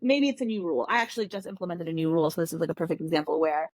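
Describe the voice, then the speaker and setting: A woman's voice: fairly low pitch, animated, very fast, a little mellow, no echo. A woman in her thirties, a guest on a podcast, talking casually and bluntly and acting out her kids' lines. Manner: candid, blunt, quotes her kids in dialogue.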